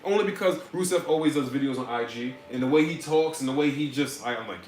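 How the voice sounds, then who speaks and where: A man's voice: medium pitch, expressive, quick pace, darkish tone, reverberant, a little hiss or hum. A man hosting a casual podcast chat, rambling and sarcastic, with frequent restarts. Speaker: podcast host.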